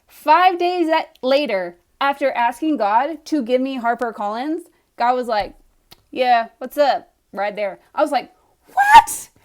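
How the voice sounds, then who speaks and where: A young woman telling a personal story in a casual, animated way, acting out her own reactions as she goes. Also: sits high, a little slow.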